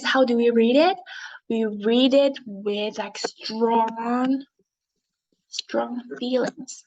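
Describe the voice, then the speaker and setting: Slow, patient woman teaching reading. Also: a little high, steady tone, darkish tone, highs cut off. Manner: slow, patient, encouraging, modelling expression. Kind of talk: online English reading lesson for young learners.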